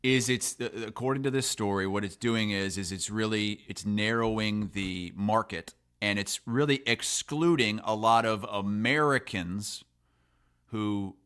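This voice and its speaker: Bright, forceful man for casual sports-podcast banter, quick to laugh and curse. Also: lowish voice, smooth. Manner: jokey, laughs often, swears casually. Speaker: podcast co-host.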